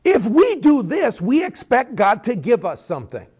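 A man voicing a religious congregation answering in a shrill, matter-of-fact way. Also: huge pitch swings, moderate pace, a little mellow, slightly rough, full character voice. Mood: indignant. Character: indignant religious congregation, mixed voices. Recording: dull lo-fi recording.

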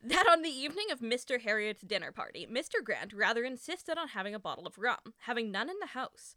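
A woman's voice: a little high, very animated, sharp tone, dry recording, clean studio sound. A woman reading as a colonial fort official. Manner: plain measured reading. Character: male colonial fort official giving sworn testimony. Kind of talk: reading historical testimony aloud.

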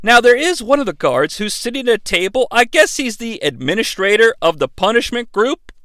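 A man hosting a comedic movie recap, talking in a profane, animated and sarcastic way. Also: extremely high pitch, a little fast, no room sound. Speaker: host.

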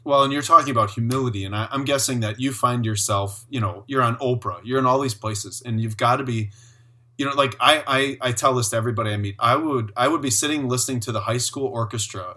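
Male host, mid-pitched, bright tone; warm storyteller energy. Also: fast. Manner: enthusiastic, storytelling, affirming. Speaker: podcast host. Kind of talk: conversational interview.

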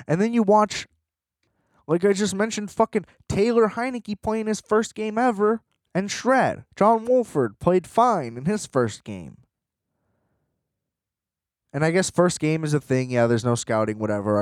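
A man's voice: fairly high pitch, darkish tone, no echo, studio quality. A man hosting a sports podcast, ranting in a frustrated, profane, rambling way with many fillers. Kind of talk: casual sports rant.

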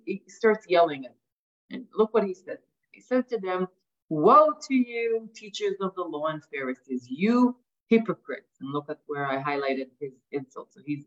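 A woman giving an academic lecture, asking rhetorical questions and often adding "right?". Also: medium pitch. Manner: frequent restarts and repeated words. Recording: dull lo-fi sound.

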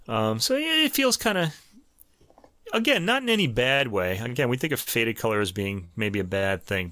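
Hosting a show, this New York-accented man talks casually through a classical piano album review, stumbling over fillers and restarts. His fairly low voice sounds pushed and bright, with no room sound.

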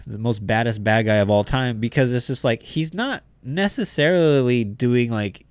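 A man's voice: mid-range voice, normal speed, clean tone, no echo. A man co-hosting a casual podcast chat, swearing freely and sometimes searching for words. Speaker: podcast co-host.

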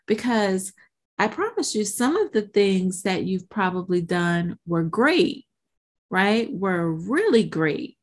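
This medium-pitched female podcast host is mid-monologue, animated and motivational, acting out internal voices while asking her listeners "right?" again and again.

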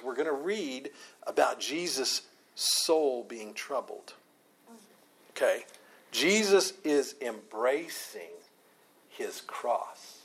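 A man teaching an informal Bible study. He is animated, often repeats and restarts words, and laughs a lot. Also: mid-range voice, husky, poor audio.

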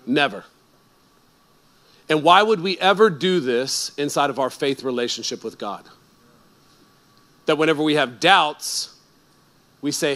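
A male pastor preaching a sermon in a conversational, animated way that builds to emphatic peaks. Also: fairly high pitch, a little slow, pauses often.

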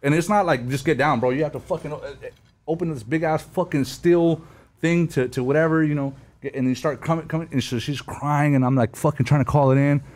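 A man's voice: on the high side, brisk, darkish tone. A man in his thirties casually telling stories, heavy with slang and swearing, laughing as he goes. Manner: slangy, profane, storytelling with laughs. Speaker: guest telling war stories. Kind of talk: casual podcast chat.

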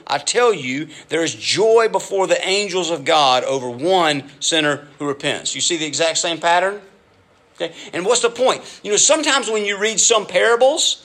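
A middle-aged man preaching a sermon in a lively, conversational way, with frequent asides to his listeners. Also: sits high. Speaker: pastor.

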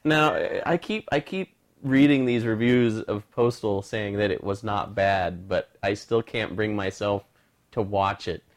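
A man's voice: on the low side, measured pace. A man co-hosting a casual podcast chat, talking in a rambling, reflective way.

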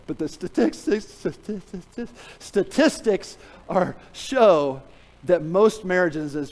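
A middle-aged man preaches in a church with a fairly high voice. He tells a story with lively humor and teases the congregation. He sinks to a quiet, earnest tone when he presses his point. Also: poor audio. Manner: animated storytelling, jokes with the congregation; drops to a quiet, earnest tone for emphasis. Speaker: pastor. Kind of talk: sermon. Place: church sanctuary.

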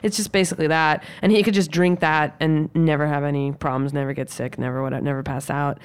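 Woman, podcast co-host, low pitch, smooth clear tone, casual chatty talk, swears often. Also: fairly even intonation, a little fast. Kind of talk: casual chat.

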